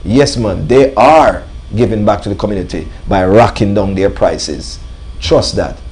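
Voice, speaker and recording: A man hosts a live radio talk show from a studio. His voice sits fairly low, and he talks in an emphatic, preacher-like way, leaning on repeated phrases and calling out to his listeners. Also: measured pace. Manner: emphatic, repeats "ladies and gentlemen". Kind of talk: live talk radio monologue with sponsor reads.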